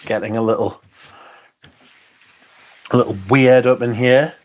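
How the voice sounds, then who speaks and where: A man's voice: mid-range voice, fairly even intonation, measured pace. A man hosting a livestream, chatting casually and rambling through viewer comments with frequent chuckles and the odd swear word. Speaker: livestream host.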